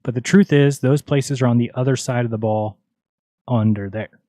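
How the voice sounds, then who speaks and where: A man's voice: mid-range voice, moderate pace, dark tone, dry recording, clean studio sound. A man hosting a livestream, talking casually in an exasperated, mocking, argumentative way. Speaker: livestream host. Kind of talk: casual ranting livestream talk.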